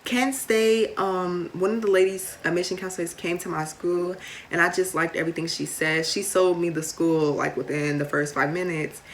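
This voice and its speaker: A woman's voice: on the low side, fairly even intonation, moderate pace, slight background noise. A young woman, chatting casually to camera with lots of fillers and playful asides. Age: late teens. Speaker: vlogger.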